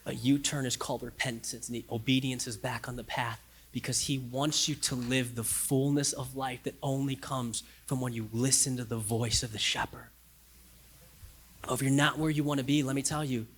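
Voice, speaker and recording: A man pastor preaching a sermon, repeating phrases for emphasis and swinging from loud emphasis to hushed, almost whispered lines. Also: mid-range voice, breathy edge.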